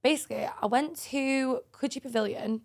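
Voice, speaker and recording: A woman co-hosting a podcast, telling dating stories in a lively, swearing, laughing way. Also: sits high, moderate pace. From England. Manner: animated, swearing, laughing storyteller. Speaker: podcast co-host. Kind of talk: casual chat.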